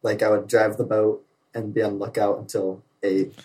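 A man's voice: lowish voice, level tone, normal speed, warm tone, low-quality recording. A young man, a navy sailor, telling stories in casual chat with many filler likes and frequent laughs.

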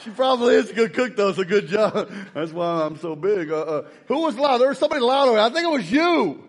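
A man preaching a lively sermon to a congregation, joking and rousing the crowd. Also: high voice, fast talker. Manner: joking, energetic, shouts to rouse the crowd. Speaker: pastor.

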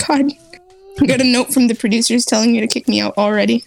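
Woman podcaster chatting, pokes fun at herself, slightly high voice. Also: steady tone, a little fast, vocal fry. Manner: self-deprecating, chatty, laughing asides. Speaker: podcast co-host. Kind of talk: casual chat.

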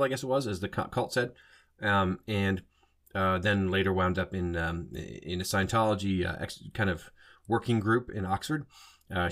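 In a casual solo podcast monologue, a male host rambles along, frequently stopping to correct and rephrase what he just said. His voice sits low but carries a slight brightness.

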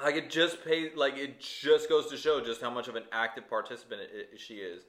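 A man in a casual podcast chat about a film, relaxed and a bit hesitant, with filler words. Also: medium pitch, brisk, few pauses. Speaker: podcast co-host. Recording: roomy echo.

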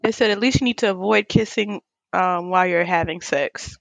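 A woman co-hosting a casual chat, animated and playful, laughing often and exclaiming. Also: fairly low pitch, moderate pace, creaky, dry recording. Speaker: podcast co-host.

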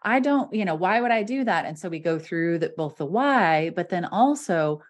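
A woman's voice: on the low side, animated, normal speed. A woman hosting a podcast as a voice coach, talking animatedly and laughing often between points. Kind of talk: casual podcast conversation.

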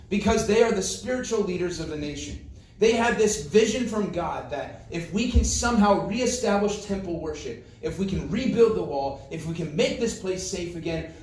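A man preaching a sermon as pastor, reading scripture, praying and speaking to the congregation with animated, joking asides. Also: high-pitched, slight background noise. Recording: roomy sound from a distance, faint ambience.

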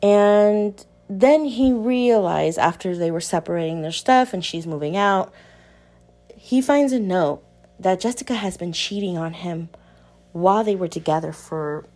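A young woman casually recapping a romance novel for viewers, candid and animated, swearing freely, her pitch leaping up when she reacts. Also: measured pace. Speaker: book reviewer. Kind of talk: casual book recap chat.

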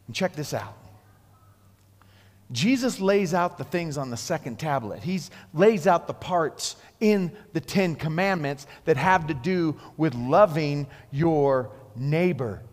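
A man preaching a sermon, animated, swinging between hushed and loud, acting out quotes. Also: high-pitched, in a large hall.

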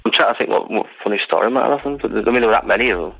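A man's voice: medium pitch, rapid-fire, vocal fry, no room sound, lo-fi sound. A man, a writer guest in a casual interview, rambling and restarting as he tells stories. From England. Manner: rambling, self-interrupting storyteller.

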